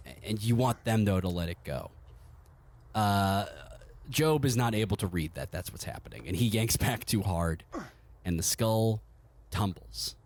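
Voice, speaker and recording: A man's voice: on the low side, a little mellow, slight background noise. Man narrating as game master, profane and jokey. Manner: profane, jokey, vivid storytelling.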